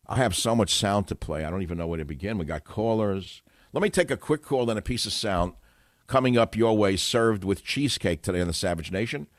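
A man's voice: lowish voice, expressive, fairly quick, dry recording, clean studio sound. An older man hosting a call-in radio talk show, opinionated, emphatic and self-assured, combative in his monologues.

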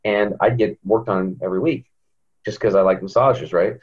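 A man guest on a podcast telling a personal story in an animated way, often jumping into higher voices when he quotes people. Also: normal speed, breathy edge. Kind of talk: storytelling in an interview. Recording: dull lo-fi audio.

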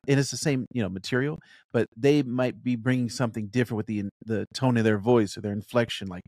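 A man's voice: medium pitch, a little mellow. An enthusiastic man co-hosting a review podcast, chatting casually with a mid-range voice. He thinks aloud and circles back on his points. The sound is dry and close, with no room echo. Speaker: podcast co-host reviewing a show.

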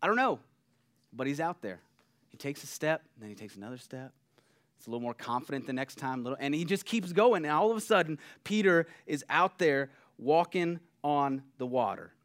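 A pastor preaching a sermon in a conversational, animated way, often checking in with the listeners. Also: male voice, fairly high pitch, a little fast. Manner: conversational, animated, keeps asking "right?".

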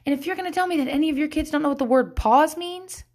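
A woman's voice: high voice, fast, darkish tone. A woman, a mother of young kids, giving a candid, casual self-help talk, swearing freely and laughing often.

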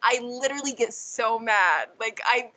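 A young woman chatting casually on a podcast, animated and full of fillers. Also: fairly high pitch, normal speed, rough recording. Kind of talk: casual chat.

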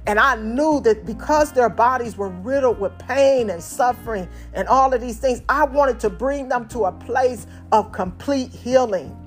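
A woman's voice: a little high, a little slow, few pauses, soft background music. A woman preaching a sermon in a conversational, folksy way, addressing the congregation directly.

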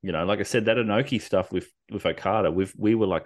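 A man's voice: on the low side, quick pace, hardly any pauses. A man hosting a casual podcast chat, rambling with lots of fillers and the odd swear word.

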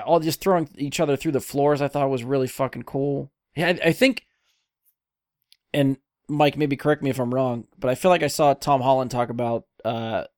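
A man's voice: medium pitch, a little mellow, no room sound. Enthusiastic male podcast host, dry sound. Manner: enthusiastic, swears casually. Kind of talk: casual film discussion.

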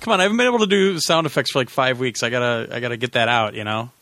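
A man's voice: mid-range voice, very fast, bright, forceful tone, dry recording. A man hosting a podcast, giving a casual, rambling game review with sarcastic asides and many restarts. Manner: rambling, sarcastic, self-correcting. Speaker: podcast host.

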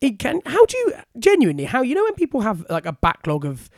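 A man's voice: very high-pitched, wildly swooping pitch, quick pace, dry recording, studio quality. A man in his twenties from the UK, co-hosting a podcast in casual chat, inquisitive and laughing often. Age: 20s. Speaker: podcast co-host.

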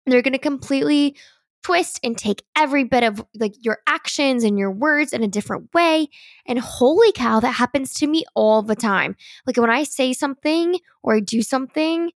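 Chatty, animated young woman podcast host. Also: fairly high pitch, dry recording, clean studio sound. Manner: chatty and animated, heavy use of "like". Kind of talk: casual solo podcast monologue.

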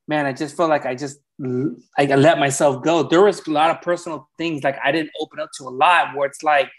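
Higher-voiced podcast guest, candid and rambling. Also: male voice. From California. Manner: rambling, candid storytelling with profanity. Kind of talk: casual podcast chat.

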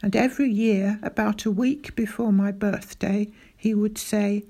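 A woman reading a children's story aloud in a measured, unhurried voice, as the boy who tells it. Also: mid-range voice, steady tone, dark tone. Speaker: audiobook narrator. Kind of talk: scripted storybook narration as a boy.

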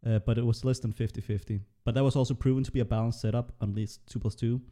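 Chatty male host with a mellow voice. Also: medium pitch, fairly even intonation, fast. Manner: chatty, frequent fillers and laughs. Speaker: podcast host. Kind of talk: casual panel discussion. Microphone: voice run through a voice changer.

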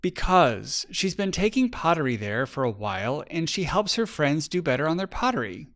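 A man voicing an anxious young schoolgirl who pleads and rushes her words in a storybook reading. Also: on the high side, very animated, a bit bright. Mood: pleading.

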